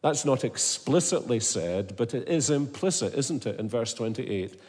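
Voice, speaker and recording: A man's voice: medium pitch, animated, normal speed, a little mellow. A man preaching an expository sermon, earnest and emphatic, asking his listeners questions. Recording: long hall reverb.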